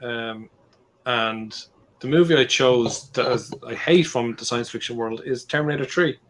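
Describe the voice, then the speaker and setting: A man co-hosting a casual podcast chat, bossy and quick to swear when riled. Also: medium pitch, a bit bright, a little hiss or hum. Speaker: podcast co-host.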